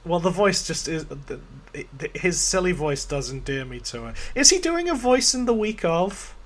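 A man's voice: fairly high pitch, very animated, moderate pace. A man hosting a casual film podcast, wry and jokey, often laughing. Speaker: podcast host.

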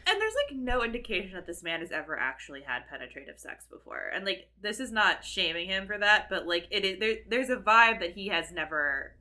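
A woman co-hosting a podcast, chatting casually about a film, expressive and quick to swear and laugh. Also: medium pitch. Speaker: podcast co-host.

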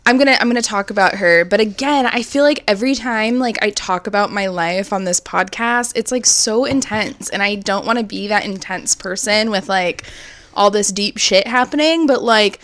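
A woman co-hosting a casual podcast at a middle pitch. She rambles a little, leaning on "like" and restarts, and speaks candidly about her own life. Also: moderate pace, a bit bright. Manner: rambling, many fillers, candid. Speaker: podcast co-host.

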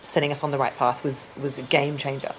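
Speaking at a quick pace with a little hiss or hum behind her, this woman has a low, rumbling voice. As a guest in a relaxed interview, she recounts her birth story with lively energy, loudly performing the quotes of others.

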